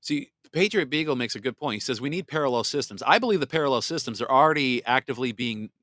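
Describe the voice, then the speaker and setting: A man's voice: lively intonation, fast, pushed and bright, dry recording. Blunt sarcastic man, podcast host. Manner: blunt and sarcastic, mocks voices in exaggerated falsetto; reads viewer comments aloud. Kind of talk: political commentary podcast.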